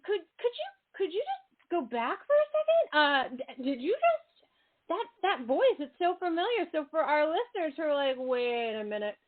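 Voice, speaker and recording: A bubbly, chatty woman hosting a radio interview, quick to laugh and exclaim. Her voice sits fairly high and comes through a thin, phone-like line. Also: very animated. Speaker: radio show host. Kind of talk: casual interview chat.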